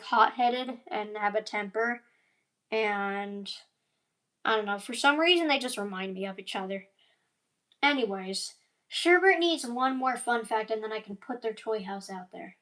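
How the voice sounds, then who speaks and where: A woman's voice: fairly high pitch, moderate pace, a bit bright. A young woman chatting casually in a rambling vlog, full of fillers and side tangents, yawning now and then. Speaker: animator and voice actor.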